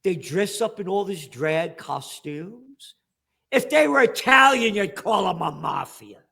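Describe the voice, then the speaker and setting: A man giving ranting political commentary as an interview guest, sarcastic, with bursts of shouting. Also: high-pitched, expressive, a little slow, gravelly, husky.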